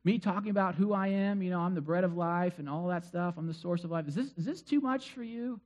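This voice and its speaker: A man's voice: high voice, a little fast, a little mellow. A male pastor giving a sermon in a chatty storytelling way, full of asides. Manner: conversational storytelling with many asides.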